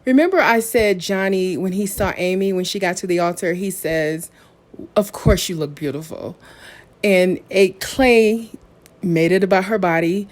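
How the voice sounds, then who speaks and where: Speaking at a normal pace with a medium-pitched voice, this podcast host goes over a reality show episode. Her take is frank and full of opinions, delivered casually, and she walks through scenes at length.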